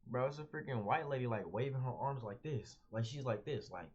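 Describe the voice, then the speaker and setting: A young man telling a story casually as a vlogger, animated and slangy, calling everyone "bro". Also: mid-range voice, fairly quick, slight background noise. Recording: dull lo-fi audio.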